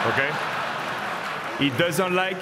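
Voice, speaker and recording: A man's voice: on the high side, heavy background noise. French-accented man joking from a podium. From France. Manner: joking, storytelling. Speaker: honoree giving an induction speech. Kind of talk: acceptance speech. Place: large hall. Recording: reverberant hall with faint ambience.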